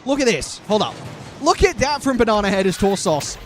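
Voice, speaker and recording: A man's voice: high voice, big pitch swings, fairly quick, a little hiss or hum. A young man chatting with his live stream chat and commentating an online game in a playful, hyped way. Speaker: streamer and caster.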